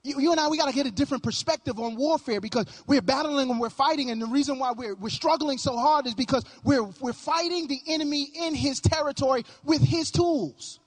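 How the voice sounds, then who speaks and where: A man's voice: very high-pitched, a little fast, few pauses. A male pastor preaching a sermon with emphatic, sing-song cadence and frequent repetition.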